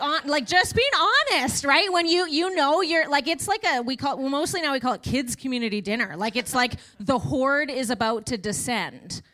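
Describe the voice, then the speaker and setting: Woman in her thirties, chatty church testimony, a touch high, quick asides. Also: fairly bright tone. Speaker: church speaker sharing testimony. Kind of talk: casual testimony talk in church.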